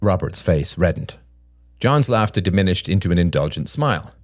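A man with a very deep voice narrates a story in a measured, descriptive manner. His pitch rises and falls with lively movement. The recording is dry and close, with no room sound. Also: dry recording. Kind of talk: dramatic story reading.

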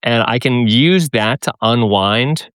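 A man's voice: mid-range voice, slow pace, a bit bright, clear, resonant tone, dry recording, studio quality. A man calling into a talk show, describing things hesitantly with many "like"s and "you know"s. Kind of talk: casual call-in conversation.

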